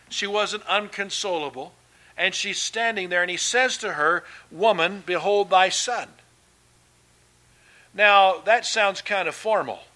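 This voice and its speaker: A man delivers a sermon from the pulpit, his voice pitched a little high and ringing bright. He presses hard on key words, then drops to a softer aside, with casual restarts and fillers between. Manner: emphatic preaching, swinging between loud and soft. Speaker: pastor.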